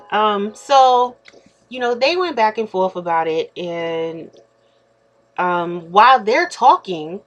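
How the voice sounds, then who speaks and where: A woman's voice: medium pitch, fairly bright tone. A woman in her thirties telling a story in a casual vlog, blunt and straightforward, acting out the quoted exchanges as she goes. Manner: acts out quoted exchanges in shifting voices. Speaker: YouTuber.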